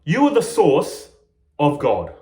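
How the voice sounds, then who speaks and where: Man, spiritual teacher, reflective monologue, playful, laughs at himself, swinging pitch, echoey room. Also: huge pitch swings, takes it slowly, warm tone.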